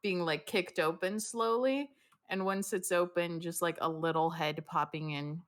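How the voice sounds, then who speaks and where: A woman's voice: fairly low pitch, measured pace. A woman playing a tabletop game, casually describing what her character does. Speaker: player.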